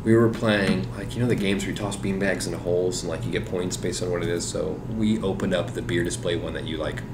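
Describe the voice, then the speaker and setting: A man's voice: low-pitched, steady tone, fast, background noise. A man from Missouri telling a story at a gaming table, swearing and laughing as he goes. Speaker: player. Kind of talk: casual chat at a gaming table. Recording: roomy echo, people chatting around.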